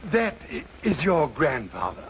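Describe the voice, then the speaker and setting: An actor playing a prim, flustered young husband with a stiff manner, in 1950s film acting. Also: male voice, a little high, wildly swooping pitch, a little slow, heavily acted. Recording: dull old film soundtrack, faint hiss.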